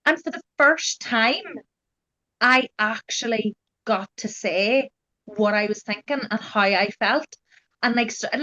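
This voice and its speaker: A young adult woman appears as a guest to share her genetic testing experience, telling her story in a casual, chatty way full of "like" and "you know". Her voice is on the high side and sharp, with lively intonation and moderate pace, and the recording's highs are cut off.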